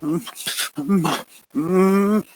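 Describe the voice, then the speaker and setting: A man's voice: high voice, extremely slow, a little hiss or hum, voice pushed up, low-quality recording. A man voicing a frightened little girl who stammers and whimpers.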